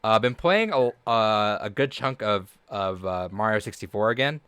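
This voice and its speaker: Rambling man, smooth low voice. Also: animated, fairly bright tone, no room sound. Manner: rambling, halting, restarts often. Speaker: podcast host. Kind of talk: casual gaming chat.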